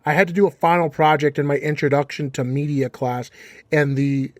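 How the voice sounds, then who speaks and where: A man hosts a relaxed interview, steering his guest with leading questions. His voice sits a little high for a man. The sound is dry and close. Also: brisk, no echo. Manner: laughs easily, asks leading questions. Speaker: podcast host. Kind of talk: casual interview chat.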